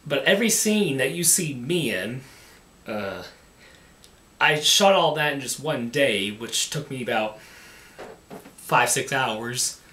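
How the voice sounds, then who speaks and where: A man casually talking about making his own film, halting and often repeating words as he restarts. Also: medium pitch, expressive, sharp tone. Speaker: amateur filmmaker. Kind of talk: casual behind-the-scenes talk. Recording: echoey room, mic at a distance.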